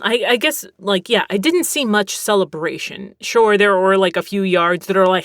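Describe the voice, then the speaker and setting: A young adult woman from Texas hosting a solo podcast, rambling with self-mocking asides, giggles and hushed whispered mutters. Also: mid-range voice, a little slow, no echo, clean studio sound. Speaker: podcast host.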